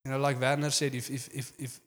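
A man's voice: mid-range voice, flat delivery, fast, in a large hall. A man preaching a sermon in an earnest manner, often saying "you know".

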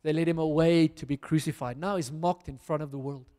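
A man's voice: fairly high pitch, steady tone, fairly quick, warm tone, big-room sound. A man preaching a sermon as a pastor, reading scripture aloud and then applying it earnestly to his listeners.

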